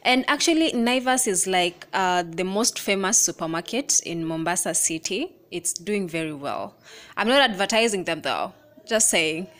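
A woman's voice: on the low side, normal speed. Chatty Kenyan woman vlogging from a minibus. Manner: chatty, excited tour-guide commentary with casual swearing. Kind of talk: casual travel vlog narration. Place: inside a moving minibus.

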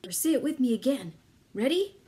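A woman's voice: high-pitched, very animated, fairly quick, dark tone. A woman leading a children's activity lesson as an early childhood educator, coaxing young kids in a sing-song voice and inviting them to join in.

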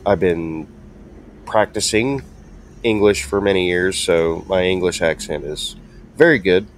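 A man's voice: sits low, measured pace, slight background noise. A man role-playing a rookie immigrant trucker in his own plain voice. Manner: plain, matter-of-fact self-introduction. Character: rookie male immigrant trucker, new on the job.

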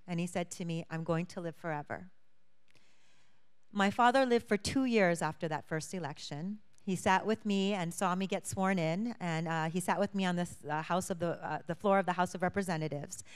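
A woman's voice: fairly low pitch, a little fast, few pauses, smooth. A young adult woman from Hawaii, a lawmaker, telling her testimony to a congregation with earnest storytelling and acted-out quotes. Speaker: church guest speaker, state lawmaker.

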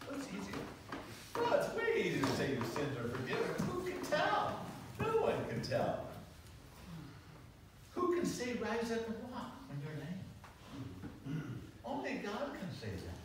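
Animated pastor man teaching a class. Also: mid-range voice. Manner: animated, peppers talk with rhetorical "right?". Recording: echoey classroom from far off, noisy.

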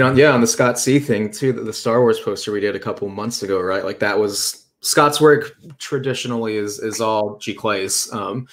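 Brief: male co-host, lowish voice, relaxed, reads chat questions. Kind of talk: casual chat.

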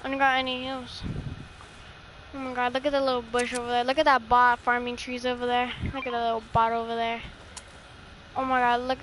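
Young woman, high voice, excitable, swearing and laughing, casual gaming chat, faint background noise. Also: fairly quick, pauses often, poor audio. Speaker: gamer playing with a friend.

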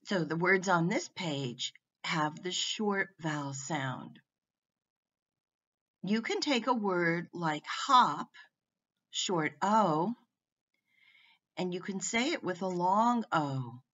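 Slow, deliberate woman teaching phonics. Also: fairly low pitch, expressive, a bit bright. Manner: sounds out words one at a time, emphatic. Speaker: reading teacher. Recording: muffled lo-fi recording.

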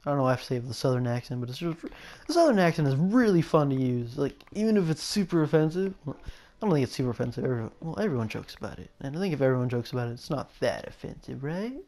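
A young man chats casually while he plays, drifting from thought to thought. His voice sits at an ordinary mid pitch, and his sentences often break off and restart as he muses aloud. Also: sing-song, very fast, a little mellow. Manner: rambling, musing, self-interrupting. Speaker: gameplay video host. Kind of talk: casual gameplay commentary.

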